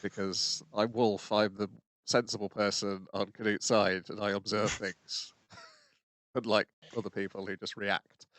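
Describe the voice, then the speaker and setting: A man's voice: on the low side, little pitch movement, unhurried, fairly bright tone, no room sound. A man co-hosting a casual podcast, summarizing episodes in a hesitant way with frequent "uh" fillers. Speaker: podcast co-host. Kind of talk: casual chat.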